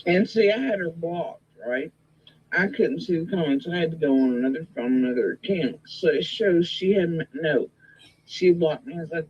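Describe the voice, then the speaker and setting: A man's voice: fairly high pitch, lively intonation, normal speed, a little mellow, breathy edge, dull audio. A man in a casual conversation, talking in a matter-of-fact, profane way with hesitant fillers. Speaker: guest in conversation.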